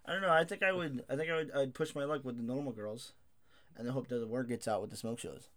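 A man's voice: mid-range voice, quick pace, a bit bright. A man in his twenties co-hosting a casual podcast chat, blunt and swearing, reading out questions. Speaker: podcast co-host.

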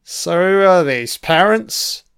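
A man's voice: high voice, expressive, takes it slowly, vocal fry, fairly bright tone, smooth. A man giving a casual running commentary on a film. He swears constantly and makes wry, offhand remarks.

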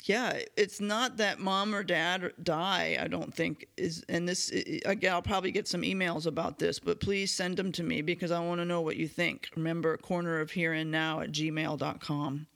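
A man with a somewhat high, sharp and bright voice hosts a recovery podcast on his own. He speaks in an earnest, candid and self-reflective way. His voice is a little hoarse, and he clears his throat from time to time. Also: steady tone, moderate pace, hardly any pauses. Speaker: podcast host. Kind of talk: solo recovery podcast talk.

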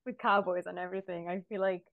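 A woman's voice: fairly low pitch, little pitch movement, fast talker, phone-quality sound. A woman co-hosting a casual podcast chat, speaking hesitantly with many fillers. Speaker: podcast co-host.

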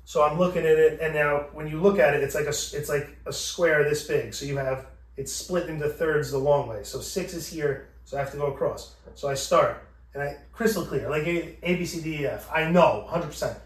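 This podcast host talks a little fast in a voice that's a little high, telling his story casually with plenty of profanity and playing out each side of the conversation. Echo from the room and his distance from the mic color the audio.

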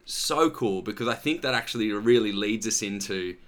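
A man's voice: on the low side, expressive, normal speed, fairly bright tone. A man hosting a casual interview, rambling and heartfelt with friendly slang. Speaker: podcast host.

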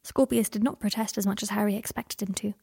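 Husky-voiced woman reading an audiobook. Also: mid-range voice, steady tone, fast, warm tone, no echo, studio quality. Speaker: narrator. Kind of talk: audiobook narration.

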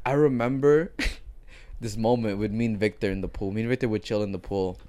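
A man's voice: lowish voice, steady tone, fairly quick, dark tone. A young man co-hosting a casual podcast, telling rambling stories with lots of swearing and acted-out quotes. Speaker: podcast co-host. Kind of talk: casual chat among friends.

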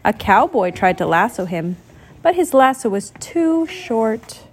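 A woman reading a picture book aloud, expressive and doing sound effects while explaining to a child. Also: on the high side, unhurried, slightly rough. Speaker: storybook reader.

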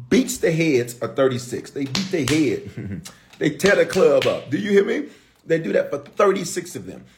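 A middle-aged man preaches, his voice sitting a little high and swinging widely in pitch. He teases and challenges his listeners, calling for responses between points. The delivery is animated and conversational from the pulpit. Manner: animated, call-and-response preaching with playful asides. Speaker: bishop, preacher. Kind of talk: sermon.

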